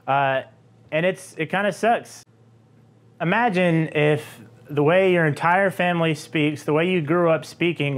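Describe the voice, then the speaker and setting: A man hosting an educational video on language, talking in an earnest, conversational way with a few fillers. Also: on the high side. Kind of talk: explanatory commentary.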